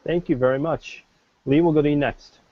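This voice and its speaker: A man's voice: a little high, steady tone, a little fast, no echo. A man moderating a panel discussion, polite and formal in manner. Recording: muffled lo-fi recording.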